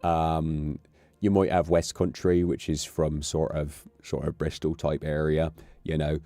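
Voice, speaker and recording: A man's voice: rumbling low, flat delivery, unhurried, dark tone, no echo. A British man chatting casually on a livestream, rambling and amused, with offhand swearing. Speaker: streamer.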